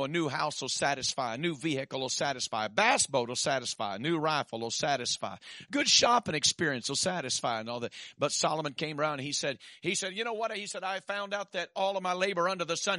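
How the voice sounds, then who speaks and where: A man preaching a sermon, swinging from shouted peaks to quiet asides and dropping in "amen.". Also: on the high side, dry recording, clean studio sound.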